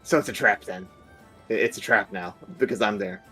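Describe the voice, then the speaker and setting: A man's voice: on the low side, normal speed, bright, forceful tone, breathy edge, faint music behind. A young man playing a tabletop game, nervous and stammering in casual chat. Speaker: player.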